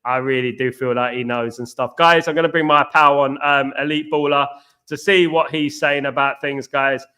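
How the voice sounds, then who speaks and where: A man hosting a live football watchalong, chatting fast and repeating himself while greeting viewers by name. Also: medium pitch, fairly even intonation, sharp tone, clean tone. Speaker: watchalong host. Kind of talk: live stream chat.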